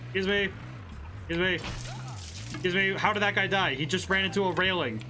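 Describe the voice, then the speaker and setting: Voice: mid-range voice, a little fast. Giggly streamer over game music. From northern United States. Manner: bemused, giggly, talks back to the characters. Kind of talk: casual let's-play commentary. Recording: game music playing clearly underneath.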